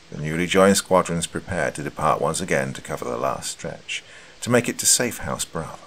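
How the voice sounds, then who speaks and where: A man reading a dark story aloud as host, grave and measured. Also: low-pitched, creaky. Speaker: horror story narrator. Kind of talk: scripted narration.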